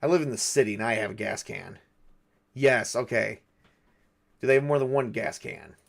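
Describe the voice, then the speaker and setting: A man's voice: mid-range voice, moderate pace, vocal fry. Man thinking aloud over a solo game. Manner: thinking aloud, hesitant, filler-heavy. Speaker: game master and solo player. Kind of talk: narrating a solo tabletop game.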